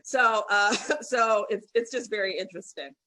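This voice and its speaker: A woman guest on a panel talk, direct and opinionated. Her voice is bright and cutting, at an ordinary pitch. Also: normal speed, low-quality recording. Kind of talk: candid conversation.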